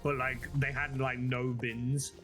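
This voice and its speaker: A man's voice: medium pitch, flat delivery, slow, a bit bright, soft background music. A man from the English Midlands chatting casually on a game stream, hesitant and loose with fillers. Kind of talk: casual chat.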